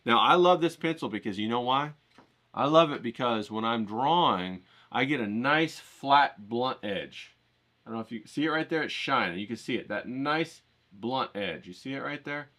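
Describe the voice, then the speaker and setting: Bright, lively man hyping an art challenge. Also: mid-range voice, normal speed. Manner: hyped, rambling, coaching, swears casually. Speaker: art channel host. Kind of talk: casual drawing tutorial to camera.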